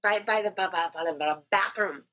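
A woman's voice: medium pitch, fairly quick, bright, forceful tone. Casual woman player, lo-fi mic. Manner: casual, restarting often. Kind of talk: tabletop role-play.

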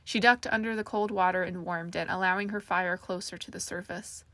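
A woman narrating a fantasy story aloud in a steady storytelling manner, giving each character a voice. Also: on the low side, brisk, no room sound. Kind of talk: audiobook narration.

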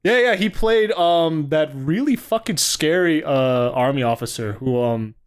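Man, podcast co-host, casual rambling chat, fairly high voice, very lively pitch. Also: unhurried, smooth. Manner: animated, rambling, lots of fillers and laughter.

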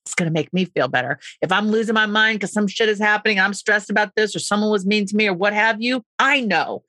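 Bright, lively middle-aged woman storyteller. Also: medium pitch, dry recording. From United States. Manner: enthusiastic, storytelling, quick asides. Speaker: author and podcast guest. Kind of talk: animated conversational interview.

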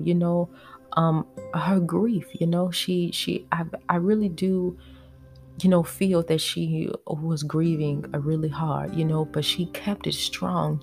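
Low gravelly woman telling family memories. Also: darkish tone. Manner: reflective, emotional, heavy on "you know" and "uh". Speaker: podcast host. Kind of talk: personal storytelling podcast.

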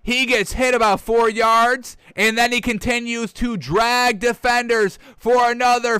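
High, bright-voiced ranting football commentator. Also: male voice, unhurried, few pauses, clear, resonant tone, no room sound. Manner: excitable, ranting, addresses viewers as folks. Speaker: sports commentator. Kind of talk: solo football commentary rant.

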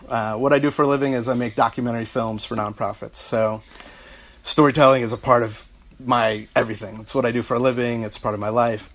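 A middle-aged man giving a heartfelt speech about his parents, telling family anecdotes and laughing through them. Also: medium pitch. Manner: storytelling, warm asides, laughing through anecdotes.

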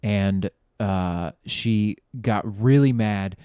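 A man's voice: lowish voice, extremely slow, warm tone, clean tone, no echo, clean studio sound. A man hosting a podcast, telling a rambling, profane comic story and laughing at his own jokes. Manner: rambling, profane, trails off and restarts. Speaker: podcast host. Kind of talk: casual comedic storytelling.

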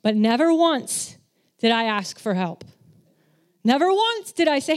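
Her high voice keeps a measured pace as she delivers a conversational sermon. A church speaker from children's ministry, she's animated, candid and pokes fun at herself, performing the voices of those she quotes.

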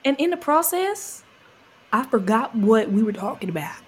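A woman's voice: on the high side, big pitch swings, moderate pace. A woman co-hosting a podcast in casual chat, playful and teasing, jumping between topics. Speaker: podcast co-host.

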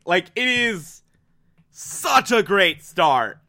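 A man casually and excitably recapping a TV episode, acting out the characters as he goes. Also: a little high, slow pace, long pauses. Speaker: TV show recapper.

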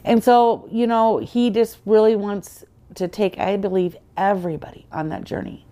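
A woman with a warm, medium-pitched voice speaks at normal speed as a podcast guest, earnestly recounting her faith testimony in conversation. She tells the story with feeling and acts out the dialogue she quotes.

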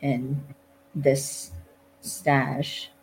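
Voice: medium pitch, flat delivery, extremely slow, darkish tone, a little hiss or hum, low-quality recording. A podcast host casually recapping a TV episode, loose and rambling with lots of "like" and some blunt swearing.

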